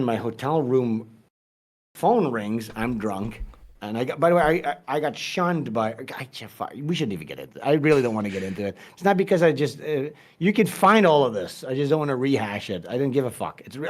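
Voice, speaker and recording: A man's voice: medium pitch, big pitch swings, brisk. A man guest on a podcast, telling a long story in casual, profane, rambling talk with many restarts.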